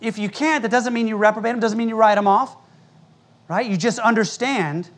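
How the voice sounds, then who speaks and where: A man's voice: high voice, brisk. An American man, a pastor, preaching a sermon in church in a blunt, emphatic, conversational way, with frequent asides to the congregation. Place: church sanctuary before a congregation.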